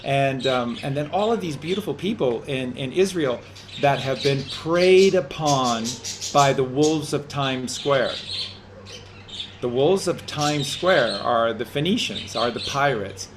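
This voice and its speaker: A man's voice: mid-range voice, animated, measured pace, background noise. Guy rambling on a q and a show, keeps restarting his words. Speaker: co-host. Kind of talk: casual call-in chat.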